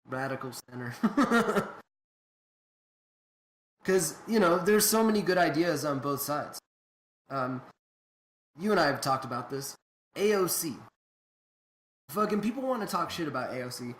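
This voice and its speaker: Animated, profane podcast co-host man. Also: on the high side, a little slow, long pauses, slight background noise. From New Mexico. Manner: animated, profane, laughs often. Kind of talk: casual chat.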